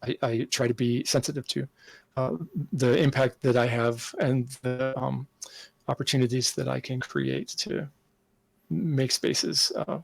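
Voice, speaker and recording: Thoughtful halting man with a gravelly voice. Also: mid-range voice, steady tone, dry recording. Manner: thoughtful, halting, many fillers and restarts. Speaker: game designer guest. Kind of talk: podcast interview answer.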